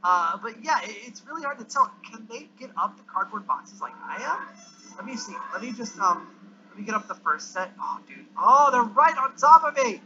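Over a dull, lo-fi recording with a slight hiss, a high-pitched gamer with a sharp, bright voice narrates his play at a brisk clip. He gets worked up easily, letting out yelps and groans at the game as it goes badly.

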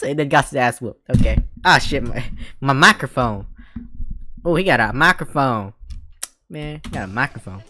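A woman giving loud, profane, mocking commentary while reacting to a video, often laughing. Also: sits low, normal speed, no echo, clean studio sound.

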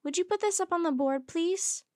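A woman voicing an eager young girl who loves animals, talking in excited, pleading bursts. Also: extremely high pitch, normal speed, no room sound, studio quality, pitched above the performer's own voice.

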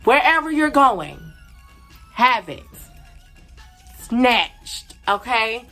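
A woman's voice: on the high side, big pitch swings, very slow, pushed and bright, soft background music. A young woman giving blunt, slangy, sassy advice in a casual vlog, repeating her points for emphasis. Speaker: beauty and advice vlogger.

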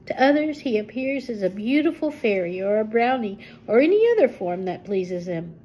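An older woman voicing a kindly village man who explains things gently, in a storybook reading. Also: mid-range voice, lively intonation, normal speed, natural voice, low-quality recording. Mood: explaining. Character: kindly village man, hurt leg, knowing.

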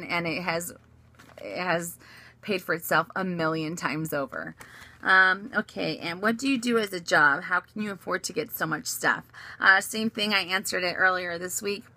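A woman's voice: on the low side, bright, forceful tone. A woman in her thirties chatting casually as a vlogger, answering viewer questions with a giggly, rambling manner full of fillers and restarts. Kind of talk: casual chat.

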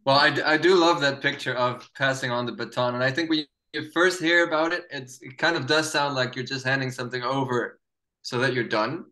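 A man's voice: medium pitch, fairly even intonation, a little fast, pushed and bright. A man sharing thoughtful reflections as a guest in a panel discussion, building his points step by step. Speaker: round table guest.

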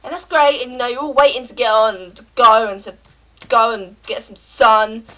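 A woman's voice: on the high side, fairly even intonation, normal speed, sharp tone, lo-fi sound. A British woman with a cold, ranting in a rambling, chatty vlog full of fillers. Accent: British English. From Britain. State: has a cold. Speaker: vlogger.

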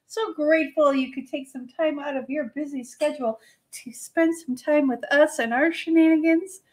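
A woman's voice: sits high, normal speed. A woman hosting a live painting demo, chatty and folksy, talking to her paint as she works. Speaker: host.

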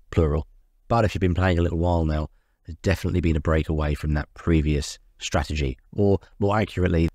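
Host, male, very low voice, nursing a cold, earnest explainer, dry close mic. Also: a little mellow, no room sound. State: has a cold. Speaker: YouTube host. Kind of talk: tabletop strategy talk.

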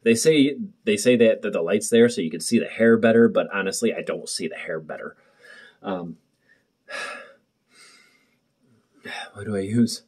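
Here a young man chats casually to his camera in his bathroom at home, nervously rambling and cracking jokes. The voice is on the low side and darkish in tone, moving at normal speed with long pauses. Sound comes through a muffled built-in camera mic.

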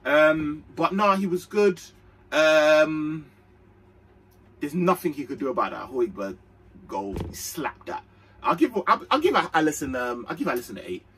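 A young man giving a casual, slangy, excitable football match reaction. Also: fairly high pitch, unhurried, breathy edge, recorded from a distance, rough recording. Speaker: fan channel host.

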